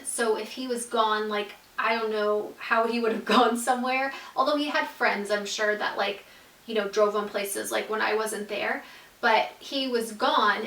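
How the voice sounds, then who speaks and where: A woman's voice: fairly high pitch, a bit bright, roomy sound, distant mic, low-quality recording. A woman telling a personal story in a casual vlog, chatty and full of "like". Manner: chatty, fills speech with "like", acts out quoted dialogue. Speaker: YouTube storyteller.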